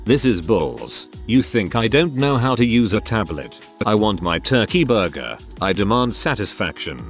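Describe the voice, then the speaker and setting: An entitled diner shouting over his missing order, as a man reads his lines. The voice sits low but rises and falls a lot, with faint music underneath. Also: sing-song, normal speed. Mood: indignant. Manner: shouting, indignant. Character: angry demanding middle-aged male diner.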